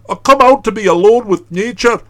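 An actor voicing a blustering, irascible older uncle in an audiobook, sputtering in explosive outbursts. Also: male voice, high-pitched, normal speed, natural voice. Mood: furious. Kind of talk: audiobook character voice.

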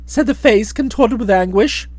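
A woman narrating a comic story for an audiobook in a playful, expressive manner. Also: fairly high pitch, normal speed, no echo.

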